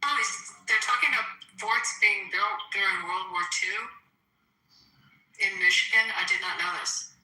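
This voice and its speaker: A woman's voice: medium pitch, moderate pace, pushed and bright. A woman in a casual group chat who asks curious questions. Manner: curious, inquisitive. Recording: roomy echo from far off the mic.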